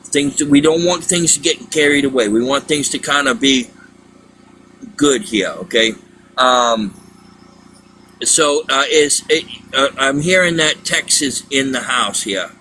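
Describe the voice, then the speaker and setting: A man hosting a casual livestream, talking in a halting way with many repeated words. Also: medium pitch, pushed and bright, slight background noise, rough recording. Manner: halting, repeats words, exasperated then apologetic. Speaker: livestream host.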